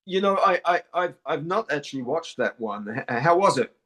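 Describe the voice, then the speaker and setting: A man's voice: fairly high pitch, expressive, moderate pace, fairly bright tone. A man from New Zealand, an actor being interviewed, talks casually and often repeats words and restarts his sentences. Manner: repeats words and restarts, many "you know".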